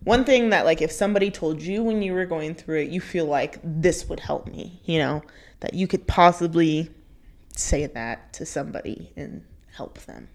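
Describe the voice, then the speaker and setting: A woman's voice: sits low, normal speed, darkish tone. A woman co-hosting a podcast, chatting casually and asking her guest a closing question. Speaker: podcast co-host.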